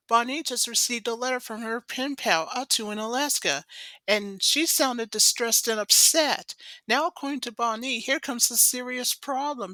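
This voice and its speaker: A woman's voice: on the high side, bright, forceful tone, dry recording, low-quality recording. A woman casually recapping an episode, rambling along with lots of "so" and "of course". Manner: rambling, chatty retelling full of "so" and "of course".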